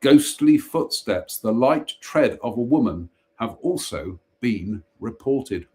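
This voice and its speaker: A man's voice: mid-range voice, expressive, takes it slowly, a little mellow. A man hosting a live stream, casually reading short ghost stories aloud with wry jokey asides, stumbling and restarting on names.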